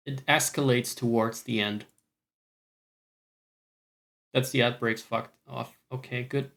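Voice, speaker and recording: A man's voice: mid-range voice, fairly even intonation, slow, creaky, fairly bright tone. A Scottish man chatting casually on a stream, rambling, swearing often and talking to himself.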